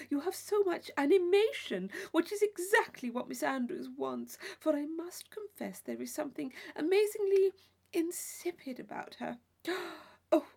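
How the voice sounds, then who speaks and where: A woman voicing an effusive, flattering young woman friend in a storybook reading, full of breathless exclamations. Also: on the high side, vocal fry, heavily acted.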